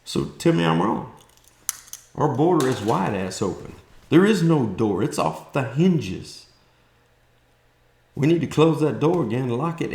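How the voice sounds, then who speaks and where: A political commentator vlogger with a South Texas accent delivers a blunt, folksy, fired-up opinion rant, mocking others in quoted voices. His mid-range voice is creaky and a little mellow, and the sound is roomy.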